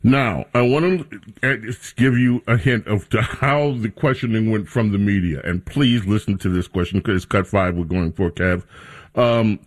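A man's voice: fairly low pitch, normal speed. A man hosting a talk radio show, introducing clips and guests in a casual, rambling way. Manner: sarcastic, mocking reporters in a raised voice.

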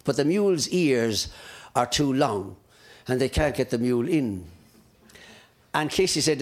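A man's voice: medium pitch, sing-song, a little slow, long pauses, background noise. A man telling stand-up jokes, chuckling at his own lines and chatting to the audience. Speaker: comedian.

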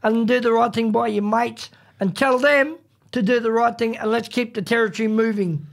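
Gravelly high-voiced Australian radio host. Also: male voice, steady tone, normal speed. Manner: laid-back, repetitive, folksy. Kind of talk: casual radio chat.

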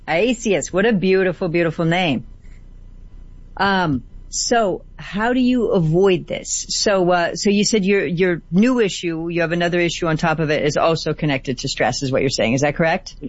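A woman appearing as a guest on a call-in radio show who gives gentle advice and often repeats words for emphasis. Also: fairly low pitch, moderate pace, dry recording. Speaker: guest healer. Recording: dry, slightly dull audio.

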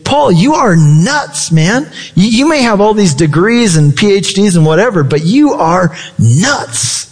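A preacher voicing a scoffing Roman governor. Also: male voice, sits high, big pitch swings, measured pace, hardly any pauses, slightly rough, in a large hall, exaggerated voice. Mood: mocking. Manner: mocking, loud. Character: scornful Roman governor, loud and dismissive.

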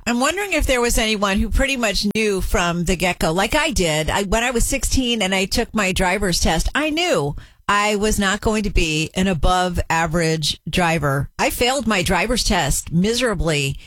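A woman's voice: medium pitch, lively intonation, normal speed, a bit bright, no room sound. A woman hosting a radio show, chatting casually and joking at her own expense. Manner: chatty and self-deprecating.

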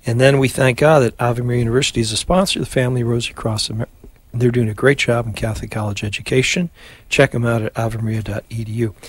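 Guy hosting a radio rosary, steady prayer leading, relaxed chatty bits, dry close sound. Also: medium pitch, slightly rough, no echo. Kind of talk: live radio prayer broadcast, rosary and announcements.

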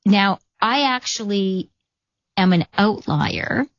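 Canadian woman politician, measured and earnest. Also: mid-range voice, no echo, lo-fi sound. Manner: measured, earnest explanations with anecdotes. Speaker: politician guest. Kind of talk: interview answers.

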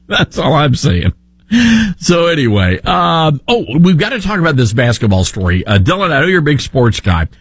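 A man's voice: fairly high pitch, big pitch swings, moderate pace, husky, dry recording. A man with a Southern accent hosting a talk radio show, sarcastic and opinionated.

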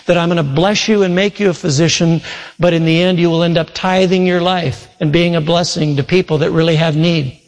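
A man delivers a sermon in earnest storytelling mode, weaving in quoted dialogue. His voice sits a little above the usual male pitch. The sound rings out with the long reverb of a large hall. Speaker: preacher.

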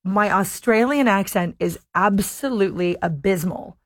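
A woman's voice: mid-range voice, moderate pace, no room sound, studio quality. A woman hosting an afternoon radio show, chatting in an amused, easy way and reading the time and weather. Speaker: radio host. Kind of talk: casual radio chat. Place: radio studio.

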